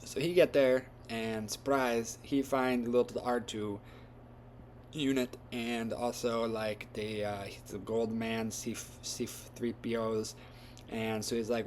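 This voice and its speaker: A man's voice: lowish voice, fairly even intonation, measured pace, slight background noise. A man retelling a story from memory in a casual, rambling way with loose grammar and lots of fillers.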